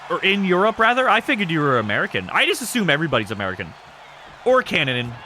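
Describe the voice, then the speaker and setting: A man in his thirties hosting a game stream, chatting casually and answering chat in a rambling, self-described monotone. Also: fairly high pitch, rapid-fire, slight background noise. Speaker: streamer hosting an e-fed wrestling show.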